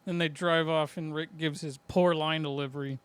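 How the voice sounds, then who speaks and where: A man co-hosting a podcast, recapping a movie plot in a laid-back, hesitant, profane way, pausing to remember scenes. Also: fairly high pitch, steady tone, fairly bright tone, clean tone. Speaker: podcast co-host. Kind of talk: casual movie-recap chat.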